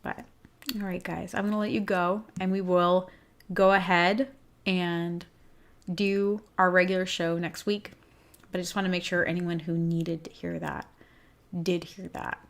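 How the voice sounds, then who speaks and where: A woman's voice: fairly low pitch, little pitch movement, a little slow. A woman hosting a livestream for groomers, speaking candidly and emotionally while teary-eyed, reading viewers' comments aloud. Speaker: host of a groomer business show.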